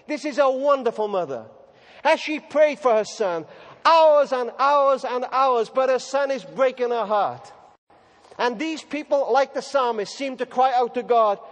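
A man preaching a sermon, telling stories dramatically and slowing down for emphasis. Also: very high voice. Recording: reverberant hall recording.

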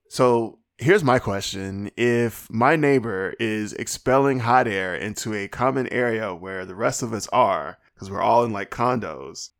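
A hoarse man who is losing his voice hosts a solo podcast, rambling through profane, comically exasperated rants and mumbling a little. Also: fairly low pitch. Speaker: podcast host. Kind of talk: casual solo podcast rant.

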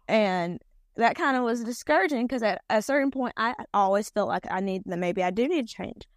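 A woman's voice: fairly high pitch, expressive, brisk, dry recording, studio quality. A woman in her thirties from North Carolina with a Southern accent, chatting down-to-earth as a podcast guest with lots of fillers. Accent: Southern US, eastern North Carolina. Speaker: podcast guest, pageant titleholder. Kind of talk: casual conversation.

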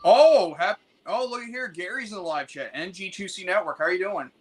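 A man hosting a podcast in casual chat, lively and quick to laugh while steering the talk to the next topic. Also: high voice. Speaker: podcast host.

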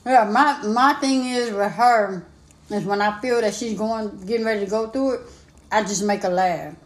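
A woman co-hosting a casual chat, supportive and light-hearted, quick to affirm her partner. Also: mid-range voice. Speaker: co-host. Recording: echoey room.

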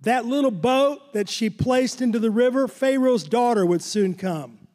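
A man's voice: extremely high pitch, a little slow, a little mellow, in a large hall. An older man preaching a sermon in a church sanctuary, fervent and repetitive, with chuckles. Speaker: pastor.

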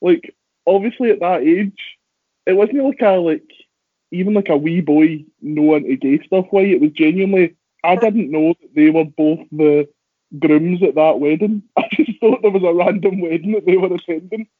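Give me a young Scottish man with a husky voice chatting loosely, recorded dry and lo-fi. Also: sits high, no room sound. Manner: rambling, self-deprecating, quick asides. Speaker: professional wrestler. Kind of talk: casual podcast chat. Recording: dry, phone-like lo-fi audio.

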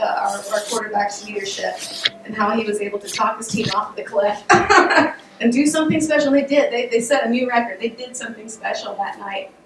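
A woman giving a casual devotional talk, conversational and animated, with laughs and restarts, her voice getting worn. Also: fairly high pitch, slight background noise. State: losing her voice. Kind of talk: casual sermon. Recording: echoey room, voice picked up from a distance.

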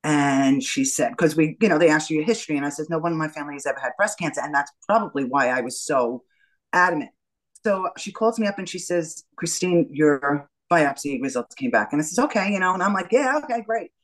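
Animated middle-aged New woman storyteller. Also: low voice, brisk, low-quality recording. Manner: animated storyteller, acts out the dialogue. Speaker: guest. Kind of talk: telling her story in an interview.

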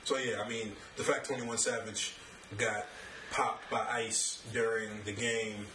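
A man's voice: lowish voice, little pitch movement, measured pace, bright, forceful tone. A man co-hosting a casual podcast chat, blunt and argumentative, with plenty of slang. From American South. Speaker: podcast co-host. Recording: roomy echo, distant from mic, faint background noise.

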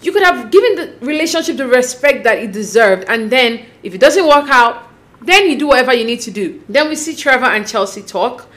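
A woman talks through a reality show recap in a relaxed, chatty way. Her voice sits a little high, and she gets expressive and sassy, jumping up in pitch when something surprises her. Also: brisk. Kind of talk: casual recap commentary.

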